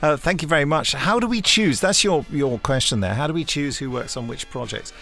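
A man co-hosting a podcast, answering listener emails in a relaxed, hesitant way with many ums. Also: on the high side, a little fast, faint music behind. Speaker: podcast co-host and producer. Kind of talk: casual chat.

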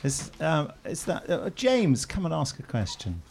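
A man's voice: a little high, wildly swooping pitch, a little slow, creaky, over a noisy crowd, very noisy. A man hosting a podcast at a party, joking, teasing and laughing with guests. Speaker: podcast host. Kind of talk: casual chat at a party.

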